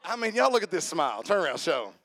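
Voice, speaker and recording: A man preaching a sermon as pastor, lively and interactive, calling on his congregation to answer and come up front. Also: fairly high pitch, quick pace, a faint crowd. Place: church.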